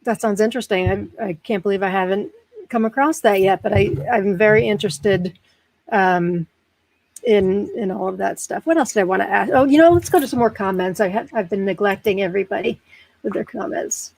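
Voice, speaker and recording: An American woman hosts a live-stream interview, her mid-range voice fairly quick, gravelly and somewhat dark, with no room sound. She's bubbly and self-deprecating, laughs a lot, and uses plenty of fillers.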